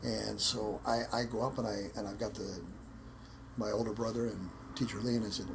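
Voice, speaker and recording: Gravelly American man, interview guest, loose anecdotal delivery, faint noise floor. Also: fairly low pitch, flat delivery, fairly quick. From United States. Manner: rambling, repeats words, acts out quotes. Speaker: interview guest, martial arts instructor. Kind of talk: casual storytelling interview.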